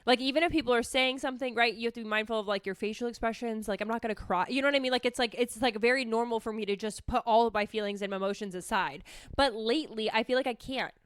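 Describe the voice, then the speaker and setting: A woman's voice: on the high side, fast, clear, resonant tone, no echo, studio quality. A woman therapist hosting a casual solo podcast, talking candidly with lots of swearing and self-mockery. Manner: candid, chatty, swears freely, self-mocking.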